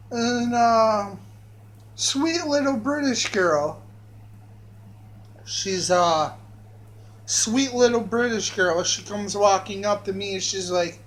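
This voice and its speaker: A man's voice: high voice, slow, a bit bright, poor audio. A man telling a crude personal story on a vlog, rambling and meandering with many fillers and restarts.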